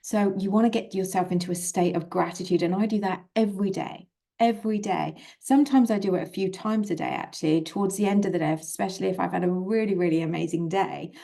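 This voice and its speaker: A woman giving a calm, gentle self-help talk as a manifestation coach, repeating soothing, encouraging phrases. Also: medium pitch, fast talker, vocal fry.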